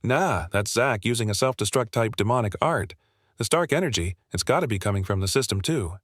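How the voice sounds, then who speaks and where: A man voicing the laid-back spirit of a male martial god, talking in a chill, deadpan way. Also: fairly low pitch, fairly quick, no room sound, studio quality.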